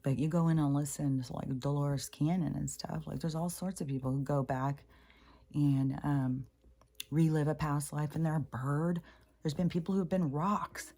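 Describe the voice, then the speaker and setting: Low, mellow-voiced woman telling stories. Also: fairly even intonation, moderate pace. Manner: rambling, emotional, swears freely, acts out voices with pitch jumps. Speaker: spiritual vlogger. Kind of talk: casual personal storytelling.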